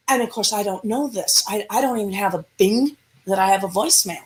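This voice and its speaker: A woman paranormal investigator telling an eerie encounter in an interview, animated and acting out the dialogue. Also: medium pitch, a little fast. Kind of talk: storytelling in an interview.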